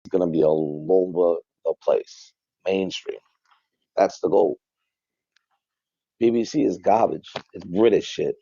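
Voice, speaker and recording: A man's voice: low voice, steady tone, measured pace, creaky, pauses often, mellow, breathy edge, no echo. A man in an interview clip, speaking emphatically and bluntly. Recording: dull, muffled clip.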